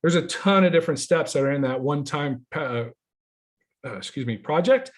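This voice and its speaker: A man walking through his software in a casual webinar, talking in a rambling, enthusiastic way with many fillers. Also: on the high side, expressive, normal speed. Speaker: software founder giving a demo.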